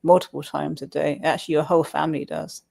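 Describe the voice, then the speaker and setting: High, gravelly Suffolk man. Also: level tone, quick pace, darkish tone, no echo. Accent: Suffolk English. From Suffolk, England. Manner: explains patiently, laughs often. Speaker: livestream co-host. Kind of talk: casual chat.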